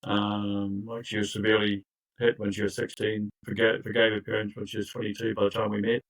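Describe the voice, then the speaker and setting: Older man, low and earnest. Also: completely flat delivery, fairly quick, low-quality recording. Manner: earnest, emphatic, frequent restarts and asides. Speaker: abuse recovery coach. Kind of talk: personal storytelling in conversation.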